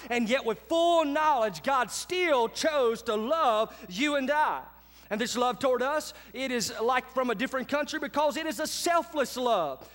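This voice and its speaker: A high-voiced man delivers a sermon from the pulpit. He keeps a casual, conversational tone but pushes his key lines with force. His voice rings out in a large hall with a long reverb tail. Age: adult with children. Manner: conversational preacher, swings between quiet asides and loud emphatic lines. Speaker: pastor.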